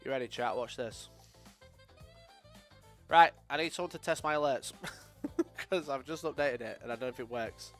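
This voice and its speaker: A man's voice: mid-range voice, moderate pace, long pauses, soft background music. A young man from Sheffield, chatting casually to his live-stream audience, swearing freely and laughing often. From Sheffield, England. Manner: sweary, laughs often, swings loud and quiet.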